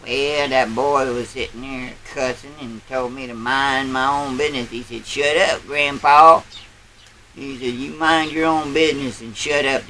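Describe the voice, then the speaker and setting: A man's voice: on the high side, bright, forceful tone, rough recording. A man playing a boastful old country grandpa, telling a rambling tall tale in a folksy drawl. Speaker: storyteller. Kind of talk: character storytelling.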